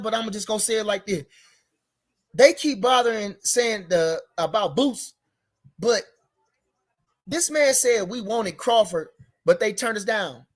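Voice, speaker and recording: A man's voice: very high-pitched, a bit bright. Rambling heated man talking boxing. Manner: rambling, repeats himself, gets heated and emphatic. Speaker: boxing commentary show host. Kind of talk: casual unscripted boxing talk.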